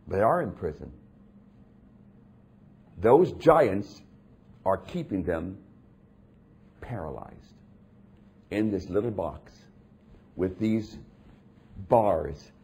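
A man preaching a sermon in a dramatic, emphatic way, dropping low and hushed and then building to loud, intense stretches. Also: animated, takes it slowly, creaky, pauses often, slightly rough.

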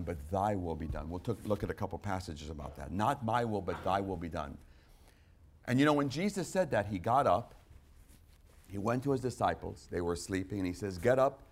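A male preacher giving a sermon, repeating phrases for emphasis and swinging from quiet to loud, strained outbursts. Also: fairly low pitch. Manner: acts out quoted prayers in a strained, rising voice. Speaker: pastor.

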